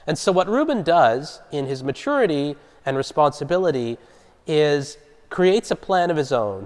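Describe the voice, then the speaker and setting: Man, Bible study teacher, mid-pitched voice, conversational and explanatory, long hall reverb. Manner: conversational, explaining and asking the group questions. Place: church hall.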